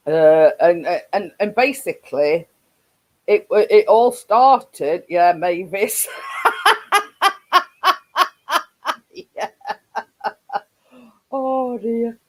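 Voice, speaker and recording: A woman's voice: medium pitch, lively intonation, very slow, long pauses, a little mellow, low-quality recording. A woman with a Yorkshire accent hosting a casual live stream, rambling with frequent laughs and restarts.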